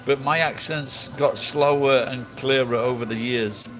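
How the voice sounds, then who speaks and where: A man's voice: mid-range voice, fairly even intonation, a little slow, a bit bright, low-quality recording. Blunt, sweary man chatting. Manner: blunt, sweary, rambling with restarts. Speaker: streamer answering chat. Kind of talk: casual chat. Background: music.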